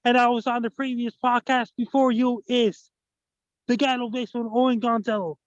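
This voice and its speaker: Guy with a really high flat voice reading off his handles, dull dry call audio. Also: moderate pace, no echo. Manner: flat, listing in a steady rhythm. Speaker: guest. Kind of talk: casual chat.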